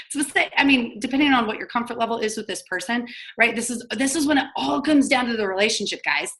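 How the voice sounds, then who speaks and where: A young woman giving a casual training talk to her network marketing team on a call, chatty and quick, acting out sample phone calls and filling her speech with "like". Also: a little high, a bit bright.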